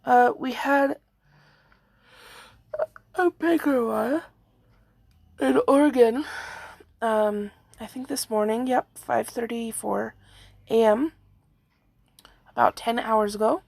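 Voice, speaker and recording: A hoarse woman with a rambling manner, giving a casual video update on earthquakes. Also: on the high side, slow pace, pauses often, a little mellow, no echo. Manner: rambling, frequent fillers and yawns. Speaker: earthquake forecast vlogger.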